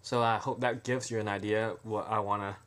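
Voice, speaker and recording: Low-voiced man rambling through a pitch. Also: little pitch movement, brisk, a bit bright, a little hiss or hum. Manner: rambling, full of fillers and restarts. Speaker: amateur filmmaker pitching a trailer.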